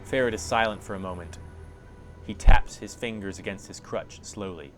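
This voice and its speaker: A man's voice: fairly low pitch, moderate pace, over music. A man hosting a game playthrough, reading the text aloud with casual, offhand asides. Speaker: let's play host.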